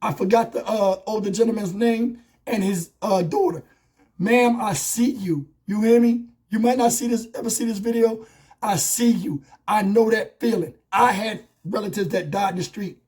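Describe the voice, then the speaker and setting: A man with a hoarse voice giving a blunt, profane, impassioned commentary on a video. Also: high-pitched, a little mellow. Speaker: YouTube commentator. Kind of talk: angry commentary vlog. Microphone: wireless lavalier.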